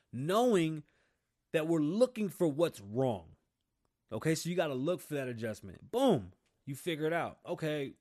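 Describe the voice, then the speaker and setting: A man's voice: fairly high pitch, a little mellow. A middle-aged man hosting his own show, giving a casual, blunt motivational talk and swearing freely. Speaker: show host.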